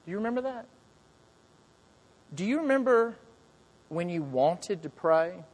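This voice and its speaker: Guy preaching a sermon, earnest, voice a bit on the high side, goes soft and quiet a lot. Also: very animated, unhurried. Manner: earnest, asks repeated questions, drops soft and quiet. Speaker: pastor.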